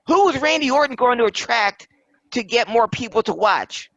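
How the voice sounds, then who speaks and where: A man's voice: very high voice, animated, normal speed, a bit bright, dry recording, dull audio. A man on a casual wrestling podcast, ranting in exasperation and repeating his questions.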